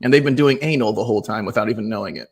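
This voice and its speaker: Deadpan joking man, podcast guest. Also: on the low side, racing, husky. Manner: deadpan joking, rambling asides. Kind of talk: casual podcast banter.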